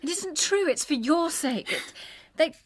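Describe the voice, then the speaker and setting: An actress playing a gentle, timid young sister in a radio drama, hushed and pleading. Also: female voice, high-pitched, expressive, measured pace, no echo. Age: young adult.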